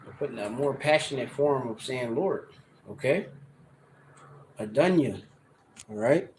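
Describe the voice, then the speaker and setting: A man in a casual scripture study, loose and conversational, reading verses slowly and sounding out words to define them, recorded on a handheld phone. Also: mid-range voice, lively intonation, slight background noise, poor audio. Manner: loose and conversational, heavy on "you know" and "all right". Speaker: Bible teacher. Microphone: handheld phone camera, no tripod.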